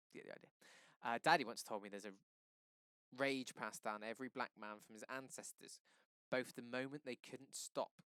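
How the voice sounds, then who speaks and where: A male teacher reading a novel aloud for a lesson, steady, with quick self-corrections and asides. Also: medium pitch, clear, resonant tone, no echo.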